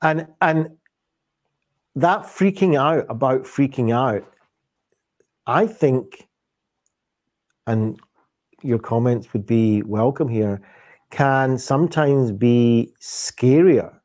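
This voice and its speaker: A man's voice: mid-range voice, slow, pauses often, a little mellow. A man hosting a live broadcast interview, friendly and pushing his guest for practical answers. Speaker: host.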